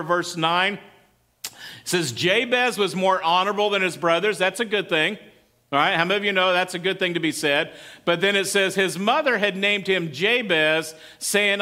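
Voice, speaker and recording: A man's voice: high voice, bright, forceful tone. A man preaching a casual, conversational sermon and asking the congregation questions. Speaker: pastor.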